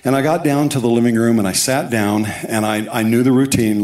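A man's voice: mid-range voice, fairly even intonation, a little fast, darkish tone. A man giving a sermon testimony, telling his story with asides and quoted dialogue, recorded in a church sanctuary. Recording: echoey church hall.

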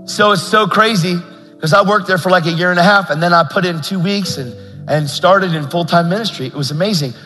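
A fervent male preacher tells a story from the pulpit in a high, bright voice. He builds to impassioned appeals. His voice carries a long reverb through the church, with faint music beneath. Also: a little fast. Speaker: guest preacher. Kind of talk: storytelling sermon.

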